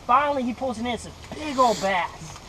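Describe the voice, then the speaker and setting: A young man from Mississippi, telling a lively personal story in a devotional talk and acting out the voices. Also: extremely high pitch, fairly quick, background noise. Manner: animated storyteller acting out voices, laughing often. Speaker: devotional speaker.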